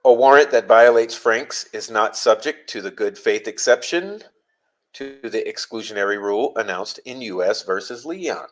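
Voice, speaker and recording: Lower-voiced man explaining legal texts. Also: low-quality recording. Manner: deliberate, stresses key phrases. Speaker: legal commentator.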